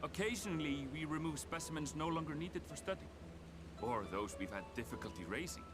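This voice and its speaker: A man voicing a polite male gleaner with an Eastern European accent, speaking in a measured, courteous way. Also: on the high side, lively intonation, natural voice. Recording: game audio with music.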